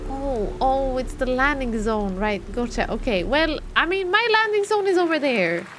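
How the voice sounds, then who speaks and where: A woman's voice: high voice, lively intonation, moderate pace, a bit bright, a little hiss or hum. A young woman streaming a game live, chatty and thinking aloud while talking to her chat. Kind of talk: live gameplay commentary.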